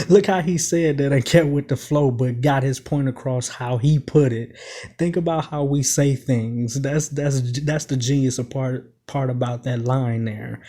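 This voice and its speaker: Mellow-voiced man breaking down lyrics. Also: mid-range voice. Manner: emphatic, repeats quoted lines, keeps asking "you know what I'm saying". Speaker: commentator.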